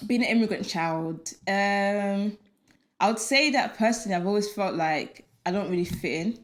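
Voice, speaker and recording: A young woman in her twenties with a British accent, co-hosting a casual chat podcast and telling stories in a rambling, animated way with many restarts. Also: medium pitch, normal speed. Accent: British English. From Nigeria. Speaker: podcast co-host.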